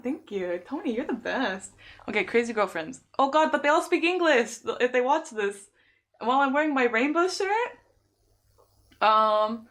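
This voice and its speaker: Chatty young woman telling stories. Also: on the high side. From San Diego, USA. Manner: chatty storytelling, laughs often, lively quoted dialogue. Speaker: live-streamer. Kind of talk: casual chat.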